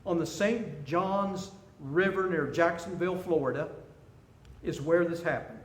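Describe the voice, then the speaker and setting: A man's voice: a little high, a little slow. A man in his sixties giving a seminar talk, telling stories and jokes with animation. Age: 60s. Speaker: seminar speaker. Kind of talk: storytelling talk. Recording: echoey room, faint noise.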